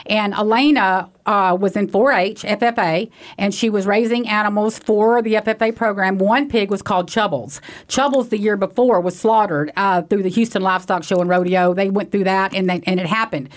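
A woman's voice: mid-range voice, normal speed, few pauses. Woman guest, earnest, kinda rambly storytelling, talks it through. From Texas, USA. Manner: earnest, conversational, trailing restarts. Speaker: guest, animal sanctuary founder. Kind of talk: interview answers, storytelling.

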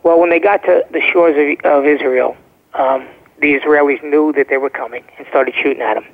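Guest caller: emphatic man, slightly high voice, heard through a tinny phone line. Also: fairly even intonation, fairly quick. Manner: emphatic, checks in with "okay?". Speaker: guest, former first responder. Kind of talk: phone-in interview storytelling.

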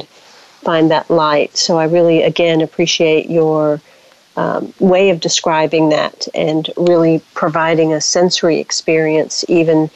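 Woman host, low voice, flat delivery, halting and reflective, dry dull lo-fi sound. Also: no room sound. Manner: thoughtful, halting, many restarts. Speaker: podcast host. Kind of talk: reflective interview talk.

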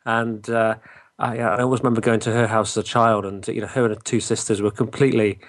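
Relaxed male interview host. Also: fairly low pitch, fast. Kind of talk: casual interview chat.

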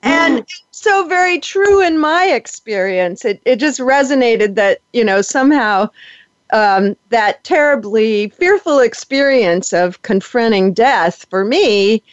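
A man hosting a casual interview, talking hesitantly with many pauses and soft laughs. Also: extremely high pitch, animated, no room sound. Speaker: podcast host. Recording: dull lo-fi, dry audio.

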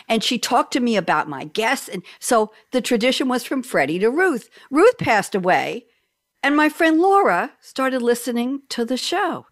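A woman's voice: fairly high pitch, sing-song, moderate pace, no room sound, clean studio sound. A woman hosting a radio talk show over a video call, telling a story with emotion and laughter. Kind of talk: casual talk show chat.

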